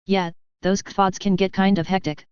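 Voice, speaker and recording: A woman's voice: mid-range voice, little pitch movement, moderate pace, darkish tone, clear, resonant tone, no echo, close to an everyday voice. A woman voicing a wry, laid-back male factory owner who speaks with dry sarcasm, in a dull lo-fi recording. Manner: dry, sardonic.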